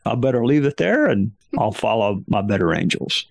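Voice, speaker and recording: A man's voice: fairly low pitch, big pitch swings, moderate pace, gravelly, no echo. A middle-aged man, chatting casually as a podcast host in an emphatic, folksy, self-mocking way. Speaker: podcast host answering listener questions. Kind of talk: casual chat.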